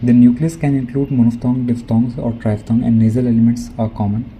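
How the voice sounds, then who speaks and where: Man reading a lecture in a dark voice. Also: medium pitch, level tone, a little hiss or hum, low-quality recording. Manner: careful, measured reading with occasional self-corrections. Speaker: student presenter. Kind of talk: reading a prepared academic presentation.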